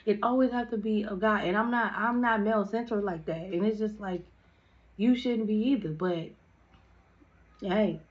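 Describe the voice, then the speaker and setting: A woman's voice: medium pitch, moderate pace, muffled recording. A young woman chatting through a storytime in a casual, slangy way, with lots of "like" fillers.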